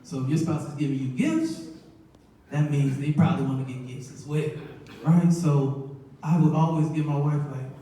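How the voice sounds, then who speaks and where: A man in his thirties doing a stand-up comedy set, telling family stories in an animated way and laughing often. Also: on the high side, normal speed. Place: church hall stage. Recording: echoey hall, mic heard from far.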